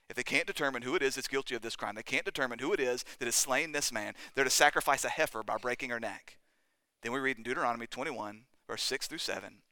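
A man preaching a sermon as pastor, with impassioned delivery that rises to loud cries at the climaxes. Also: mid-range voice, no room sound.

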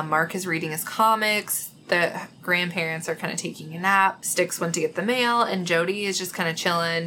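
Easygoing low-voiced woman podcast host. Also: bright, forceful tone, slight background noise. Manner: easygoing, lots of fillers and quick agreement. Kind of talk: casual chat, recapping a book.

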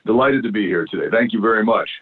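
A man from the Chicago area joins a radio show by phone as a guest musician. He speaks quickly and courteously in a fairly low voice. The phone line makes him sound thin and tinny. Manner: grateful and polite. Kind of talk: phone-in interview. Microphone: telephone.

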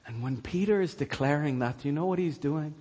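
A man preaching a sermon as pastor, telling stories slowly and earnestly and dropping to a hushed voice for quoted lines. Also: on the high side. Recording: long hall reverb.

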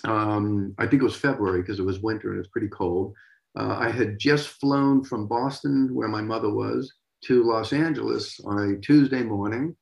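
A man in his sixties from Massachusetts, a drummer telling stories as an interview guest in an animated, lively way. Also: lowish voice, moderate pace, vocal fry, roomy sound, poor audio. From Massachusetts, USA. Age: 60s. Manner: animated storyteller, vocalizes drum beats. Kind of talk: casual interview storytelling.

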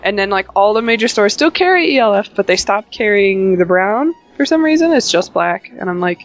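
A woman's voice: mid-range voice, expressive, a little fast. A woman, a tabletop game player, chatting animatedly with lots of filler words as she tells a story on a voice call. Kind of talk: casual chat on a voice call. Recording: lo-fi voice call with faint music.

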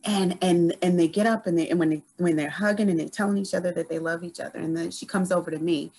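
A woman guest on a podcast telling a story in casual conversation, animated and full of restarts. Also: fairly low pitch, fast, slightly rough, low-quality recording.

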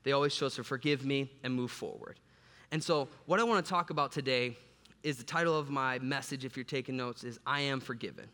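Joking pastor preaching in a reverberant hall. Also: male voice, mid-range voice, brisk. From south side of Chicago. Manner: animated, joking storyteller. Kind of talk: sermon with humorous personal story. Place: church sanctuary. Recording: long reverb from a large hall.

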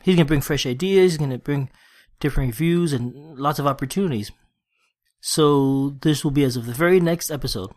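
A man hosts a solo gaming podcast, chatting casually before reading a war story aloud as a session report in his own plain voice, with no accents. He's conversational with quick restarts, and his voice is a little high and a little mellow.

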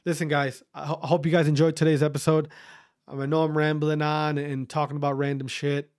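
A man's voice: a little high, little pitch movement, fairly quick, darkish tone. A man hosting a podcast, ranting bluntly in a casual monologue with lots of swearing and repetition. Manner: profane, blunt, repetitive, rambling. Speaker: podcast host.

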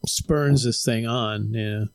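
A man's voice: on the low side, fairly even intonation, slow, clear, resonant tone, no echo, clean studio sound. A man co-hosting a casual film discussion, thoughtfully explaining plot points at length. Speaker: podcast co-host.

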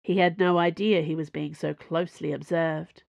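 A woman narrating a storybook in an even, measured reading. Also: sits low, gravelly, no echo. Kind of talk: audiobook narration.

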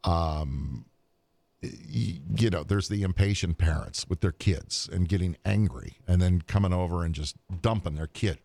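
A man in a casual podcast chat, telling a long story in an animated way, with restarts and trailing asides. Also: sits low, a little slow, creaky, no echo.

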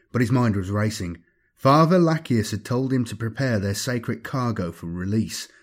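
A man reading a story aloud as an audiobook narrator, in a measured, steady storytelling manner. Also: medium pitch, slightly rough. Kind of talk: scripted narration.

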